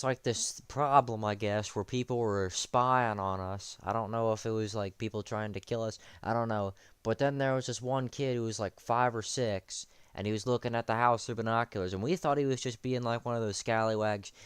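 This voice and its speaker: A man's voice: on the low side, smooth, no room sound. A young man streaming early in the morning, tired with a morning voice, rambling and correcting himself as he tells a story. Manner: rambling, self-correcting, sleepy.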